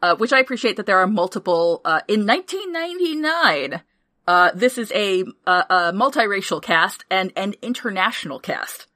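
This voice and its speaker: A woman hosting a podcast in casual chat, recapping a film with energetic, profane enthusiasm and frequent laughter. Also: medium pitch, normal speed, dry recording, studio quality. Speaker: podcast host reviewing a film.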